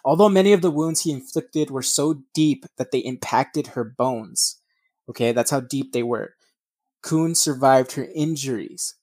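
A man's voice: mid-range voice, measured pace, darkish tone, no echo. A man reading a true crime case aloud, breaking off for blunt, profane asides and stumbling over names.

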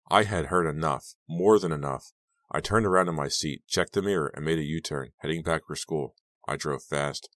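A man with an extremely deep, low voice narrates a teen thriller audiobook in a steady, dramatic way. The recording is dry and close, with no room sound. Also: normal speed, no room sound. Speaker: audiobook reader. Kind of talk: first-person audiobook narration.

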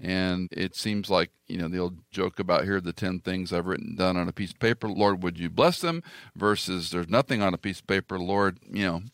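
Male interview host, very low gravelly voice, self-deprecating humor. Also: a little fast, a bit bright, dry recording, clean studio sound. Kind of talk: casual interview talk.

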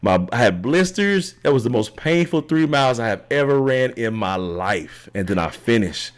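A middle-aged man as an interview guest, telling a long story in a rambling, animated way and often checking in with "right?". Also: medium pitch, normal speed. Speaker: podcast guest, triathlete.

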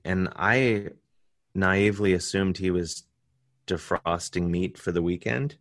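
An American man, a comedian guest, telling a story in casual chat and jumping into high voices when quoting people. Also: fairly even intonation, measured pace, fairly bright tone, no echo, studio quality.

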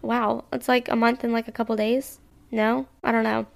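Chatty young woman with vocal fry. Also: a little high, flat delivery, moderate pace. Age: 20s. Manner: rambling, chatty, self-reflective. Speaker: podcast host. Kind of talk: casual solo podcast monologue.

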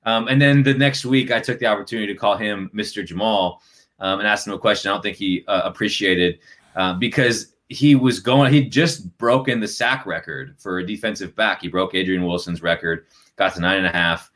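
A male sports reporter telling a story in casual podcast chat, acting out the quotes of others with a lively delivery. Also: lowish voice, fairly quick. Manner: animated, acts out quotes in shifting voices.

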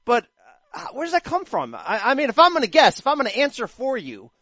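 A man's voice: extremely high pitch, wildly swooping pitch, brisk, pushed and bright, no echo. A man hosting a sports talk show, asking questions in a playful, hyped-up way. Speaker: podcast host. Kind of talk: casual sports talk and interviewing.

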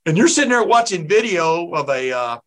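A man's voice: on the high side, sing-song, brisk, a bit bright. A man from East Texas hosting a casual interview, chatty and digressive, laughing easily. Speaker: host.

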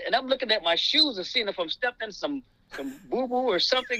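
Animated high-voiced man referee. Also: fairly quick, rough recording. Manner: animated, repeats words and says "man" a lot. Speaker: basketball referee guest. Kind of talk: casual storytelling.

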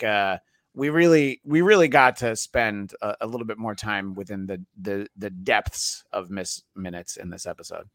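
A man leads a relaxed panel discussion, voice sitting low with a gravelly edge. He wanders through his questions with plenty of fillers and restarts. The sound is dry and close, with no room around it. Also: no room sound. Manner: rambling, many fillers and restarts. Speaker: podcast host. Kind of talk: casual panel chat.

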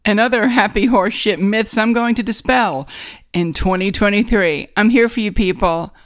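A woman's voice: medium pitch, moderate pace, no room sound, studio quality. A woman with a New York accent hosting a casual solo podcast from a home guest bedroom, sarcastic, rambling and self-mocking. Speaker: podcast host.

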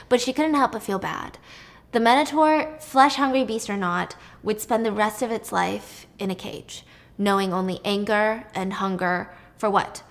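A woman retelling a myth in a chatty, irreverent style, swearing freely and adding asides. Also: medium pitch. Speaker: storyteller host. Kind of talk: casual mythology retelling.

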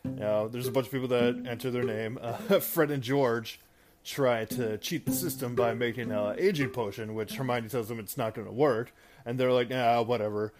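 With guitar music in the background, a man hosting a show casually summarizes a movie at a moderate pace in a mid-range voice. His delivery rambles, with many fillers and restarts, and he laughs at his own stumbles.

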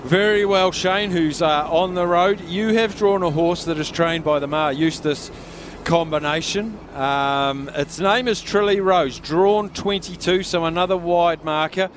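A man's voice: on the high side, unhurried. An Australian man hosting a live radio call-in sweepstake from a pub, speaking up over the noise. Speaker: radio host.

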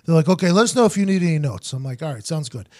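A man hosting a podcast, telling a story in casual chat, quoting others in quick asides. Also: a little high. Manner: animated, quotes people in quick asides. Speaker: podcast host.

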